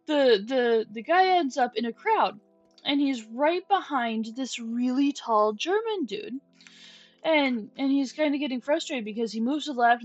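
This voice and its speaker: This chatty young woman streamer has a slightly high voice with no echo. During casual chat while gaming, she tells rambling stories with restarts and softly coos at her pet. The dull lo-fi stream mic carries faint music behind her.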